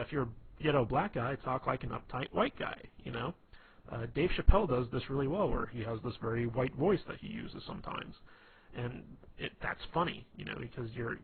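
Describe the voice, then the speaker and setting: Man, mid-pitched, rambling advice vlogger, tinny phone-like sound. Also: vocal fry, slight background noise. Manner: rambling, loose, full of "you know" and restarts. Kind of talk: casual advice monologue.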